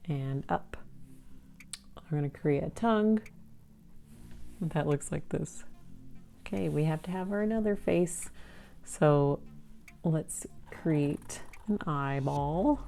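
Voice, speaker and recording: A woman giving a patient, gentle step-by-step drawing lesson for kids. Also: low voice, creaky. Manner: slow, patient, gentle instructions. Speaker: art teacher.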